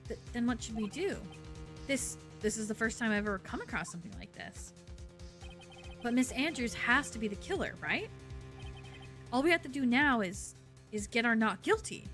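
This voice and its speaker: Stammering young male lawyer in a game, voiced by a woman, high and jumpy. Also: animated, normal speed, pauses often, music in the background, lightly acted. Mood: unsure. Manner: flustered, stammering. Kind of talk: fan voice-over of a game's dialogue.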